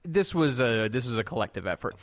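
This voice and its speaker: A man's voice: medium pitch, very animated, brisk. A man co-hosting a podcast in casual chat, rambling and laid-back with lots of fillers. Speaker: podcast co-host.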